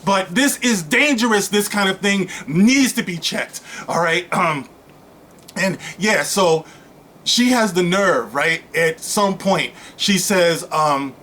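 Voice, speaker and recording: A man's voice: high-pitched, slow pace. A man giving casual, rambling commentary to his channel, full of "you know" fillers and bursts of mocking sarcasm. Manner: animated, mocking, breaks into sarcastic put-on voices. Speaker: YouTube commentator.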